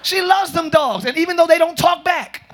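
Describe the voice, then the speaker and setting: A man preaching a lively sermon as pastor to a congregation, joking and calling out to them. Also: very high-pitched, normal speed, a loud crowd, very noisy. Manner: shouting, joking, calls to the congregation. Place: large church with congregation.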